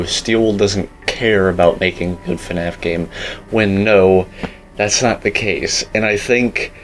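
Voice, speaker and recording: A young gaming YouTuber with a lowish, fairly bright voice gives casual, rambling commentary on a game teaser. He's opinionated and uses lots of filler words, on a low-quality recording.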